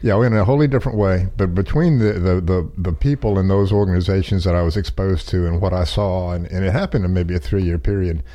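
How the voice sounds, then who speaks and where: A man's voice: low voice, fairly even intonation, brisk, few pauses, warm tone, muffled recording. A middle-aged man telling a long personal story in a rambling, folksy, self-deprecating way with chuckles. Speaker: podcast guest. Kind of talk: casual storytelling.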